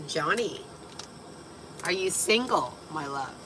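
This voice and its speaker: A tipsy woman livestreaming from a parked vehicle, giggling, swearing freely and getting excitable, her voice partly lost. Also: on the low side, takes it slowly, background noise. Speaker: livestream host. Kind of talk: tipsy casual livestream chat.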